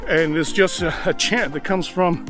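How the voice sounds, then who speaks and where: A man's voice: on the high side, moderate pace, a bit bright, faint music behind. A man out of breath, talking to his viewers while he climbs a steep mountain trail outdoors, huffing and full of enthusiasm. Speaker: travel vlogger. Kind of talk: walking vlog narration.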